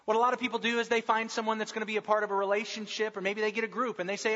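A pastor preaching a sermon in a conversational, humorous way that often slips into mimicking people. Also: male voice, sits high, flat delivery, rapid-fire, few pauses, pushed and bright. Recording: dull sound with long hall reverb.

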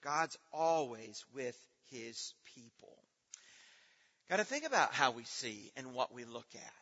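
A man's voice: medium pitch, big pitch swings, unhurried, sharp tone, slightly rough. A man leading a children's Bible program in a church hall, quizzing the kids and praising their answers. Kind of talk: teaching children in a church assembly. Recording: reverberant hall, dull lo-fi sound.

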